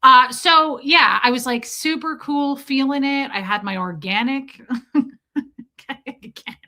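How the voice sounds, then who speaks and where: A young adult woman hosting a livestream, chatting casually with viewers in a rambling, animated way, her voice a little worn from screaming. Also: medium pitch, vocal fry. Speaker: livestream host.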